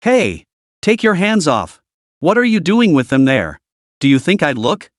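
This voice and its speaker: A man's voice: on the high side, very animated, moderate pace, a bit bright, dry recording, studio quality. A man voicing a rude, demanding, wealthy middle-aged man on a plane in a story read. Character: pushy balding rich middle-aged man.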